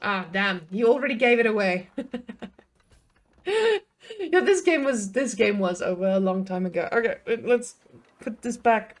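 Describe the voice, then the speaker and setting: A young woman giving casual live-stream commentary on a strategy game, excitable and chatty, swearing, laughing and talking to her chat. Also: medium pitch, moderate pace, pauses often.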